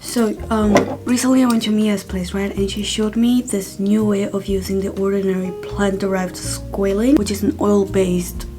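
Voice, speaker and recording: A woman in her twenties talking casually to camera for a vlog, soft-spoken and slipping into whispers. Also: mid-range voice, level tone, normal speed, hardly any pauses, over music. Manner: soft-spoken, drifts into whispers, tearful at times. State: tearful. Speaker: vlogger.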